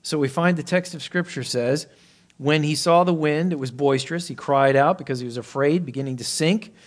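A man preaching a sermon, acting out Bible characters with lifted voice and dropping to a hush for emphasis. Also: a little fast. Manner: expressive preaching, voicing Bible characters with rising pitch and volume; drops to a soft hush for emphasis. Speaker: pastor.

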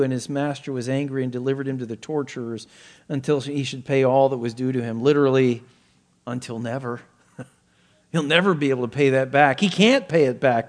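A male pastor preaching a sermon, explaining scripture verse by verse and acting out the quoted pleas with sudden rises in pitch and volume. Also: a little mellow.

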